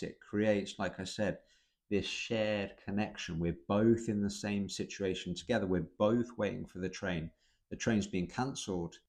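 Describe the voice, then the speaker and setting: A British man hosting an explanatory video, talking in a dry, understated way with wry asides. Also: deep voice. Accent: British English.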